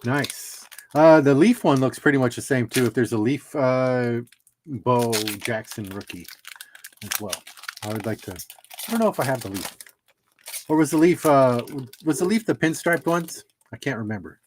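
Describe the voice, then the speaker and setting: A man's voice: mid-range voice, lively intonation, normal speed, slight background noise. A middle-aged man hosting a casual livestream, chatting and laughing at his own jokes while opening trading cards.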